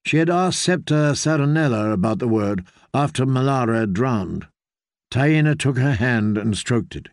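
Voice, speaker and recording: Gravelly male audiobook narrator. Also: medium pitch, animated, moderate pace, no room sound, clean studio sound. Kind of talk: scripted narration.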